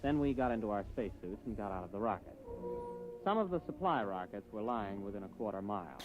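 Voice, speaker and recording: A brash young rocket captain in his twenties with a Brooklyn accent and a fairly low voice. He talks breezily and plainly, with an easygoing confidence. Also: sing-song, quick pace, over music, rough recording. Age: 20s.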